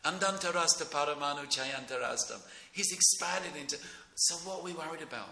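A middle-aged man gives a rambling, excitable devotional class, his gravelly voice carrying a hard, forceful edge. He chuckles often as he talks. The sound is roomy and echoey, with a faint noise underneath. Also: fairly high pitch, a little fast. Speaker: speaker giving a devotional class. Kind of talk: informal devotional class talk.

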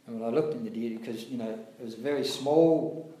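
A man telling old stories in a casual chat, lively and acting out what others said. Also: mid-range voice, a little fast. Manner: animated storyteller, acts out quotes, many fillers. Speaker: devotee recalling past. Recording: echoey room, faint noise.

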